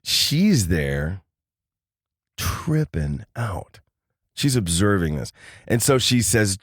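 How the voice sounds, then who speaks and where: Man, low deep voice, animated podcast storyteller who acts out his characters, dry close recording. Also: takes it slowly, pauses often, dry recording. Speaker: podcast guest. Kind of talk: casual storytelling.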